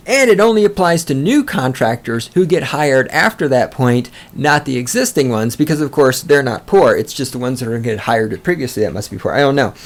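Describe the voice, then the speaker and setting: A man hosting a podcast, ranting with sarcastic, profane, mocking commentary. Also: mid-range voice. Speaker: podcast host.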